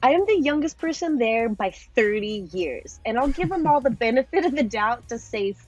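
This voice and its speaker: A young woman in her twenties, a podcast guest telling a story in a casual, animated way with frequent laughs. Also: a little high, normal speed, dull audio, faint music behind. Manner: animated, laughing often, swearing.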